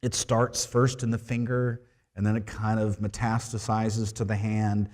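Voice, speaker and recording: A man preaching a sermon to his congregation, telling a story with asides to the listeners and swinging between loud and hushed moments. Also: lowish voice, flat delivery, a little slow. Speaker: preaching minister. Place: church sanctuary.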